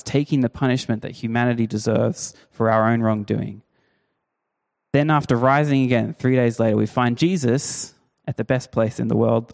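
A man preaching a sermon, telling the story with lively, acted-out quotes. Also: medium pitch, creaky. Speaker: pastor.

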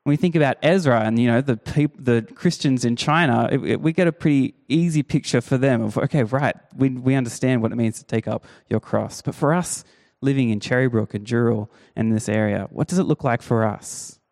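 A man preaching a sermon, telling the story with lively, acted-out quotes. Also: medium pitch, a little fast. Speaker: pastor.

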